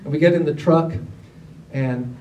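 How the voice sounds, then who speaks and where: A man, telling stories to a gathering in a casual, animated way, acting out other people's lines. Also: fairly high pitch, a little slow. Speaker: storyteller at a gathering. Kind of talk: casual spoken storytelling. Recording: roomy, distant mic, faint background noise.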